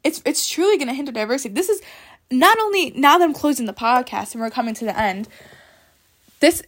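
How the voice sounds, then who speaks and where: A woman's voice: high voice, expressive, brisk. A young woman hosting a student podcast, giving her opinions in an emphatic, insistent way and repeating points for stress.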